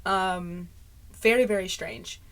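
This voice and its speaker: Bright-voiced rambling woman vlogger. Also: lowish voice, slow. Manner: rambling stream of consciousness, often laughing at herself. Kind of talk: casual talking-head chat. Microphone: mic close to clipping.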